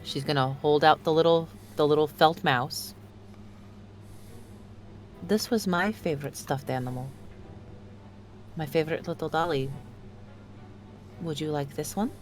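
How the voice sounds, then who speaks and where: A woman playing a tabletop game, speaking gently and soothingly in character. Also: deep voice, measured pace, long pauses, soft background music. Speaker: player. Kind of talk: tabletop game role-play.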